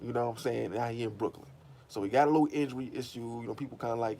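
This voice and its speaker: A man talking straight to the audience in a loose commentary rant. He is blunt and heavy on profanity, swinging between low mutters and animated bursts. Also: racing, a little hiss or hum. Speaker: host. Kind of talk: casual commentary monologue.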